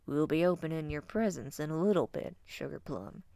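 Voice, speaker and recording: A woman voicing a gentle wolf father with a drawl, soft and affectionate, in a storybook reading. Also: sits low, expressive, brisk, vocal fry, dry recording. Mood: fond.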